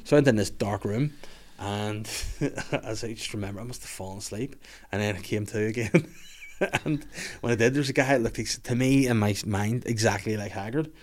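A man's voice: on the low side, fairly quick. A man hosting a podcast, telling a wild story in casual chat, swearing often and laughing as he goes. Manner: swears a lot, laughs while telling stories. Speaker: podcast host.

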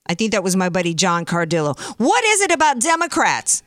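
A woman hosting a talk radio show, giving opinionated commentary in a sarcastic, animated way into a studio microphone. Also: medium pitch, a little fast, no room sound.

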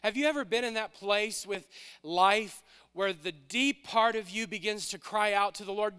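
Male pastor, sermon: high, bright, clear voice, impassioned repeating cadence, church hall reverb. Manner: impassioned, repetitive preaching cadence with slowed emphatic lines. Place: church sanctuary.

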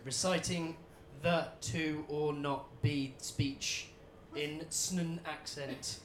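A man's voice: fairly high pitch, steady tone, extremely slow, reverberant, a little hiss or hum. A man from England in a live audience, reading a submitted question aloud and stumbling over words. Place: comedy venue with live audience.

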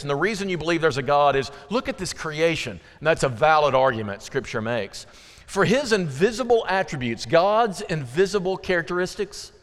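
A man preaching a conversational sermon to a congregation, lively and animated, often slipping into acted-out voices. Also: a little high. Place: church sanctuary. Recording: long reverb of a large hall.

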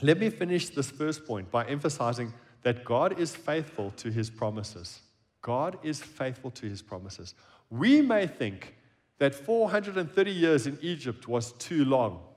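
A man preaching a sermon at a church service, shifting between emphatic lines and hushed, quiet phrases. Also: on the high side. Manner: expressive preaching, drops to a hushed tone on key phrases. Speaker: pastor.

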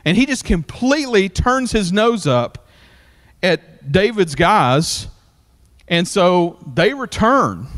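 A man preaching a sermon, retelling a story in a casual, energetic way. His voice sits fairly high and moves up and down a lot. He talks in loose bursts with frequent fillers. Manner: animated storytelling with many fillers. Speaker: pastor.

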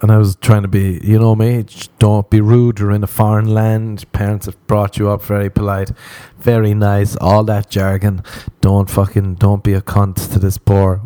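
A man with a lowish, mellow voice riffs through a comedic storytelling monologue. He is crude and self-mocking, rambles from one tangent to the next, and laughs often. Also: flat delivery, moderate pace, smooth. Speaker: podcast host.

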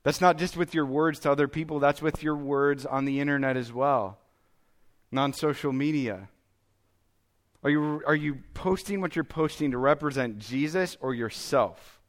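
A man's voice: on the high side, moderate pace. A man, preaching a sermon in a conversational, self-deprecating way and checking in with listeners. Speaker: pastor.

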